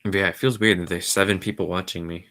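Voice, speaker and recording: A man hosting his own podcast stream, rambling along casually in a low-key, somewhat mumbly way. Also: steady tone, quick pace, bright, forceful tone. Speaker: podcast host. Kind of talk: casual solo livestream chat.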